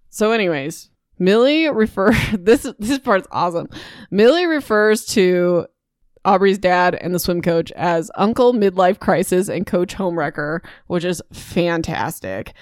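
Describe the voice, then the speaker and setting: A woman podcast host recapping a novel in a chatty, animated way with indignant asides. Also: fairly low pitch, measured pace, clean tone, dry recording, clean studio sound. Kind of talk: casual book recap.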